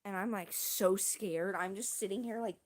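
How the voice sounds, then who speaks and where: A woman's voice: medium pitch, normal speed. A young woman streamer telling a story in a casual, rambling, self-deprecating way, full of slang.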